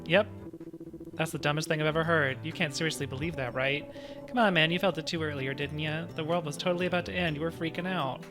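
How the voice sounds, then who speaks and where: A man's voice: on the high side, lightly acted. A man voicing a cautious, talkative male sidekick in a game, explaining things with hedges and fillers, with game music behind. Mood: persuading. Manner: quick, wordy reasoning with hedging fillers. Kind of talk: reading game dialogue aloud.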